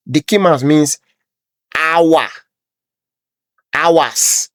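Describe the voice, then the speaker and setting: A man's voice: medium pitch, slow, pauses often, no room sound. A man teaching a Bible lesson over a screen share, repeating words and explaining bit by bit.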